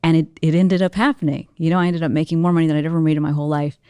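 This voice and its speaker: A young woman with a slightly low voice talks as a guest in a relaxed interview. She tells her story earnestly and with animation, piling on fillers as she goes. The sound is close and dry, with no room around it. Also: racing, smooth, no echo. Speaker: entrepreneur guest. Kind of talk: casual interview conversation.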